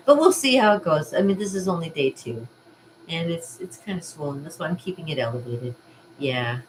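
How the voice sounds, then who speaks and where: A woman's voice: low-pitched, expressive, moderate pace, pauses often, slight background noise, low-quality recording. A middle-aged woman chatting casually to her viewers, rambling and laughing often. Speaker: vlogger and art party host. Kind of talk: casual rambling chat to camera.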